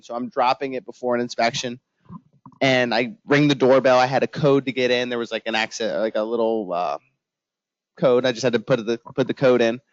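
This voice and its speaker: A man's voice: medium pitch, dry recording. A man, a home inspector giving an informal training talk to real estate agents, telling funny stories and acting out his own panicked reactions. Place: office training room. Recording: dull lo-fi room recording.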